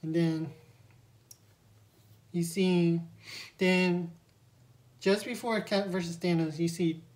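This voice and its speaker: Slow-talking woman recapping a film. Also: on the low side, steady tone, a little mellow. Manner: rambling scene-by-scene recap with quoted lines. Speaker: movie reviewer. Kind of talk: spoiler movie review, retelling scenes.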